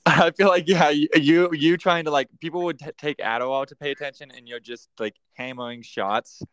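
A man's voice: on the high side, fairly even intonation, brisk, a bit bright, clear, resonant tone, dry recording. Joking man hosting a podcast. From United States. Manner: joking, laughs often. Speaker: podcast host. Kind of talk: casual chat.

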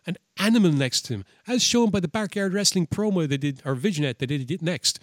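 A man with a slightly raised voice recaps wrestling on a casual show. He is animated and sweary and acts out the lines he quotes. The mic is close and the sound is dry. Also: high voice, brisk, no room sound. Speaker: podcast co-host.

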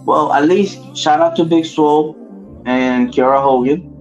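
A man co-hosting a casual wrestling chat, rambling and slangy, filling every pause with "you know what I mean.". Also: fairly high pitch, darkish tone, soft background music. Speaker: podcast co-host. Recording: dull lo-fi audio.

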